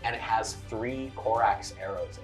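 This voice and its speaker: A woman narrating a tabletop game as game master, lively and often laughing. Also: very deep voice, a little slow, soft background music.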